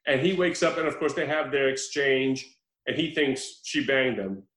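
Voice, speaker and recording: A man hosting a casual podcast chat, telling a story in an animated way, laughing often and swearing freely. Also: mid-range voice, normal speed. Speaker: podcast host reviewing a film. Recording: roomy echo.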